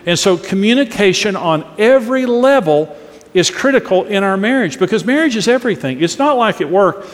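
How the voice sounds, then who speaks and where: A middle-aged pastor preaches on marriage in a large hall with long reverb. His high-pitched voice has lively intonation and a brisk pace, and he's earnest and emphatic, acting out different tones of voice as examples.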